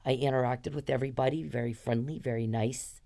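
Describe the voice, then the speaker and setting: A woman's voice: a bass voice, steady tone, fairly quick, mellow. Angry profane woman in her fifties. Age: 50s. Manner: angry, profane, accusatory, addressing someone directly. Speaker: podcast host. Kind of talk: ranting podcast monologue.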